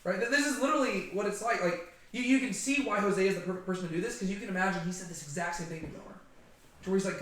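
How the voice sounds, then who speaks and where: A man giving a casual, animated Bible study talk, chatty and conversational, often checking in with "right?". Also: high-pitched, rapid-fire. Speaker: Bible teacher. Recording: very echoey room.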